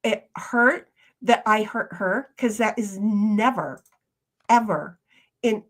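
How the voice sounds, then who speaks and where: A woman's voice: medium pitch, slow pace. A woman streamer chatting casually while she plays, rambling and restarting her sentences. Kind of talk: casual livestream chat.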